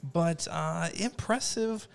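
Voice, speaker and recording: A man's voice: fairly high pitch, slow, gravelly, clean tone. Playful mock-formal game show host man.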